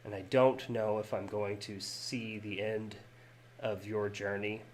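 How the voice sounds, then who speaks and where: A weary older lawman, as a man voices him, speaking low and soft in a tender, reflective farewell. Each line is gentle and heartfelt, read as a letter in a tabletop story. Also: flat delivery, a little slow, a little hiss or hum, close to an everyday voice.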